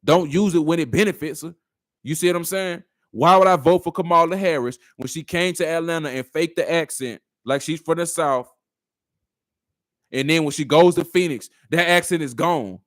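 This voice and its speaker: Man, reaction commentator, combative rhetorical style, slightly high voice, dry close sound. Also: moderate pace, fairly bright tone, no echo. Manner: argumentative, rhetorical questions.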